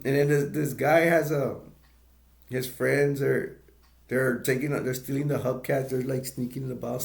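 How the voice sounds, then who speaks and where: A man's voice: medium pitch, vocal fry, roomy sound. A man casually retelling a movie's plot as a reviewer. He rambles, restarts often and chuckles as he talks.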